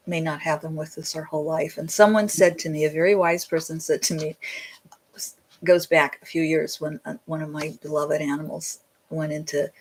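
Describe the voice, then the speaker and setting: Tender-voiced woman in her seventies. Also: low-pitched. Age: 70s. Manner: earnest and tender, sometimes self-deprecating. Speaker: psychic medium hosting a weekly show. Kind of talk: heartfelt livestream talk, reading channeled answers. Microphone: desk microphone.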